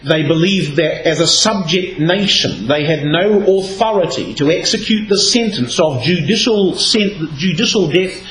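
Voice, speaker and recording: A man with a fairly high voice gives a Bible talk at a measured pace with few pauses. He reads scripture aloud expressively, shifting his emphasis as he explains, in an echoey hall with faint noise.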